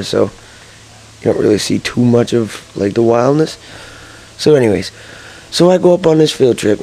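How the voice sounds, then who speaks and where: Young American guy, mellow gravelly voice, loose and rambling, chuckles through his anecdote. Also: mid-range voice, low-quality recording. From Massachusetts, USA. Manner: rambling, lots of fillers and chuckles, excitable. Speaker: gaming channel storyteller. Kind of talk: casual rambling storytelling.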